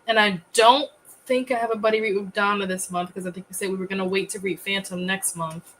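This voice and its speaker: Woman, livestream host, casual chat, chatty, laughs easily, mid pitch, faint background noise. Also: steady tone, a little fast, fairly bright tone, poor audio. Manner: chatty, laughs often, greets viewers.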